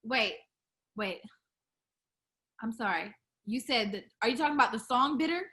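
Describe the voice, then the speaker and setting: A woman's voice: a little high, animated, moderate pace, pushed and bright. A young woman who sings R&B, chatting casually in an interview, full of fillers and restarts. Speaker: R&B singer, interview guest.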